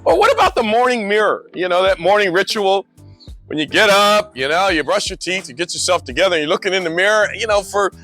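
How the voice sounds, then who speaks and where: A middle-aged man telling joking stories in a casual monologue, animated, laughing often and repeating words. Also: high-pitched, fast talker, soft background music. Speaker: motorcycle vlogger.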